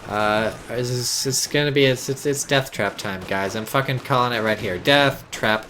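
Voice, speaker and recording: A man commenting casually on a strategy game, his voice sitting at a middling pitch. He swears often, jumps into excitement and slips into sarcasm. A faint hiss runs beneath the recording. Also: normal speed. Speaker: game caster.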